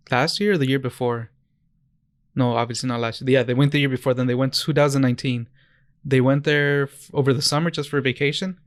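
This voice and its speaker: A young man co-hosting a casual podcast, telling stories in a smooth, clear voice. He rambles and corrects himself as he goes, and the dry sound keeps him close to the mic. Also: medium pitch, no room sound. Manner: rambling, many restarts and self-corrections. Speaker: podcast co-host. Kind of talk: casual chat.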